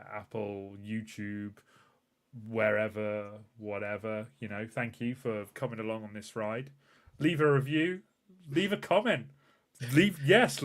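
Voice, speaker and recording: A man hosting a casual live-stream podcast, rambling loosely through the sign-off with plenty of filler words. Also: lowish voice. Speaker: podcast host.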